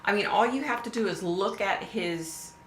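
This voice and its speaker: A woman's voice: mid-range voice, normal speed. Blunt, swearing woman live-streaming. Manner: blunt, swears freely, repeats questions for emphasis. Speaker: livestream host. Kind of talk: casual live chat reading viewer comments. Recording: echoey room with faint background noise.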